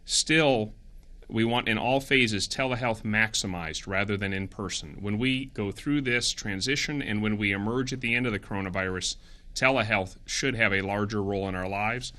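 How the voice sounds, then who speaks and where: A middle-aged man gives a public health briefing. His voice sits a little low but comes across bright and forceful. He talks in an earnest, brisk way and fixes his own slips on the fly. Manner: earnest, brisk, self-correcting. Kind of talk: briefing press, explaining guidelines from slides.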